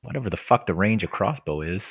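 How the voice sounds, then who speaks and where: A man's voice: sits low, expressive, quick pace, slightly rough. A man playing a tabletop game in character, cocky and chatty, swearing casually. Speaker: player. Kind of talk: in-character tabletop role-play.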